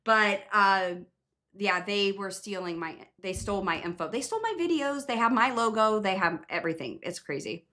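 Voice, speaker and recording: A chatty woman hosts a casual livestream Q&A, rambling and restarting her sentences. Her voice is bright and forward. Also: mid-range voice, expressive, normal speed. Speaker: nurse practitioner hosting a live Q&A.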